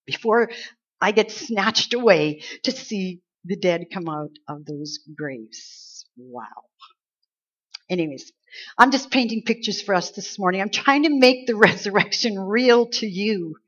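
A woman preaching a conversational Easter sermon, acting out quoted lines with lively emphasis. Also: medium pitch, measured pace, husky. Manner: conversational, animated, acts out angels' lines. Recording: slightly dull lo-fi sound.

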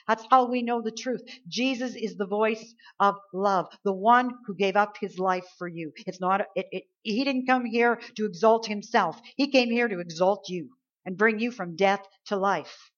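Woman preacher, mid pitch, sermon delivery that swings from hushed to emphatic, slightly muffled recording. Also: moderate pace. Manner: swings between soft, low lines and loud, stretched emphasis.

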